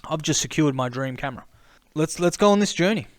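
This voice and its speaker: Excitable rambling man, dry sound. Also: a little high, fast, no echo. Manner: excitable, rambling, repeats himself. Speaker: camera vlogger. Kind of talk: casual rambling monologue.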